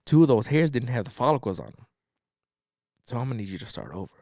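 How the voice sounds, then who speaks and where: A man voicing a controlling, smooth-talking husband who lays down his demands calmly and matter-of-factly. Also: medium pitch, fast, dry recording, studio quality. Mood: coldly demanding.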